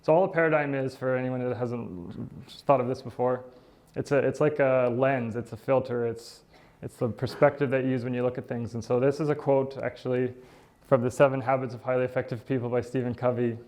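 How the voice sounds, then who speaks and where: This dentist, a middle-aged man, talks briskly in a darkish, medium-pitched voice with fairly even intonation. His relaxed presentation is chatty, full of fillers, laughs, and "right?" tossed in.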